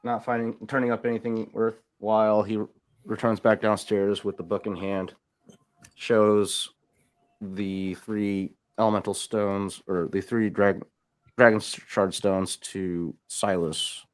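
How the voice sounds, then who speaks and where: A man's voice: fairly low pitch, flat delivery, takes it slowly. A man player narrating his character's actions hesitantly, correcting himself as he goes.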